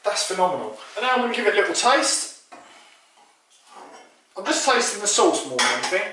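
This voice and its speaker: A man's voice: sits high, big pitch swings, a little fast, bright, forceful tone, a little hiss or hum. A man hosting a cooking show, chatting casually and explaining each step as he cooks. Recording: roomy kitchen echo, distant mic.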